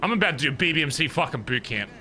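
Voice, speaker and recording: A man livestreaming a roleplay game, chatting casually and ranting loudly with lots of swearing. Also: fairly high pitch, animated, rapid-fire, slight background noise. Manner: loud, profane, ranting. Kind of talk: casual streaming chat and ranting.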